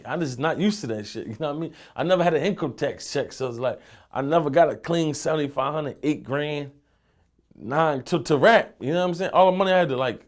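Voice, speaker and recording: Young male rapper guest, gravelly, casual street storytelling with lots of cursing. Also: fairly high pitch. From Philadelphia. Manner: loose, streetwise, peppered with profanity and "you know what I'm saying".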